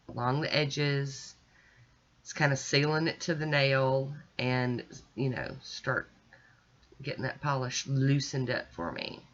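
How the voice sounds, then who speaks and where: A woman's voice: very deep voice, slow, a bit bright, muffled recording. A woman chatting casually as she narrates each step of her nail art, self-deprecating and easygoing. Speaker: nail art video creator.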